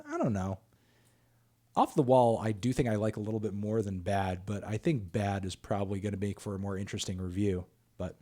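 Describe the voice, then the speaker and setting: A man's voice: medium pitch, a little mellow. A man who reviews music, answering viewer questions on a livestream in a loose, chatty way with lots of fillers and the odd swear word. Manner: loose and conversational, with frequent fillers and casual swearing. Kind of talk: casual livestream Q&A.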